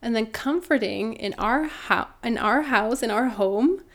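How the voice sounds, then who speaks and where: A woman's voice: fairly high pitch, a little slow. A woman in her thirties, a mother and doula, telling her own story in an earnest, reflective way with many restarts. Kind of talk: personal storytelling in conversation.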